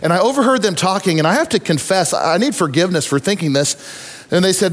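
A man preaching a sermon, telling stories with lively acted-out voices and asides to the congregation. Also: sits high, fast, big-room sound. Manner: animated storytelling with acted-out voices. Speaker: pastor.

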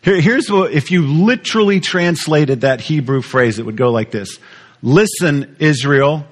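Animated preacher, man. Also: fairly high pitch, normal speed. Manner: animated teaching, repeats words, asks the audience questions. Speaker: pastor. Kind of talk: sermon.

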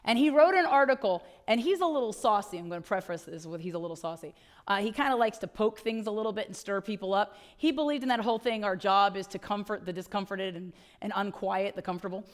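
A woman's voice: mid-range voice, lively intonation, quick pace. A middle-aged woman preaching a sermon as pastor, conversational, wry and emphatic, often adding "right?" to her points.

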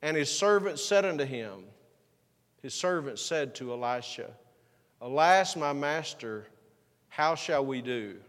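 A man's voice: medium pitch, expressive, measured pace, a bit bright, long reverb tail. A man preaching a sermon, reading scripture and retelling it in a casual, folksy way. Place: church sanctuary.

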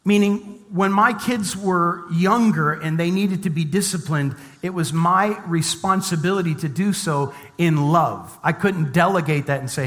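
A man's voice: on the high side, a little slow, hardly any pauses, a bit bright. A middle-aged man preaching a sermon as a pastor, mixing scripture reading with conversational, humorous personal stories. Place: church sanctuary. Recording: long reverb of a church hall.

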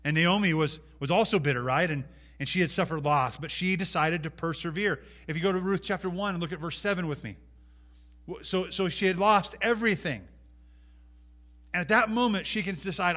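Animated male pastor preaching. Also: on the high side, normal speed. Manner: animated, swinging between loud emphatic peaks and quiet asides; acts out biblical speakers in first person. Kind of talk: sermon.

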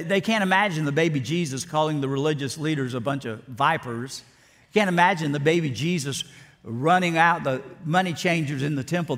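A man's voice: on the high side, a bit bright. A man preaching a sermon with dramatic emphasis and repeated words. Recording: long reverb of a large hall.

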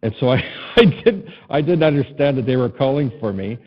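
This middle-aged pastor preaches with a husky, breathy edge at a medium pitch, his intonation lively and his pace fairly quick. He tells warm personal anecdotes with self-deprecating laughter, going from loud to soft and tender. The audio sounds muffled and a bit lo-fi.

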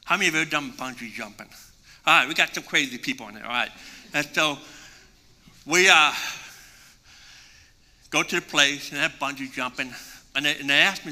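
A male pastor preaching a sermon and telling a story with animated swings between hushed and loud delivery. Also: a little high, fairly quick, pauses often. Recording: long reverb in a large hall.

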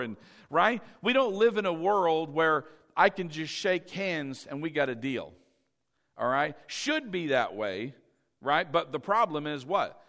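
Fervent male preacher, higher voice. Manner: animated preaching, rising loud on key lines, leads the congregation in repeating; asks questions and answers them himself. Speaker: pastor. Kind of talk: sermon.

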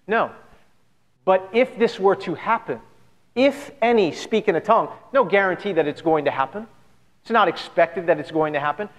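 A man's voice: sits high, animated, moderate pace. A man pastor giving an earnest, conversational sermon full of rhetorical questions to his church. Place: church sanctuary. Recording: long church hall reverb.

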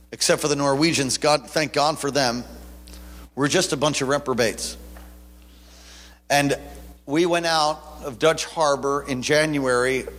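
A man's voice: mid-range voice, a bit bright. Man preaching in a big echoing hall. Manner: conversational storytelling that swells into fervent preaching. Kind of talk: sermon with personal testimony. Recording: long reverb of a large hall.

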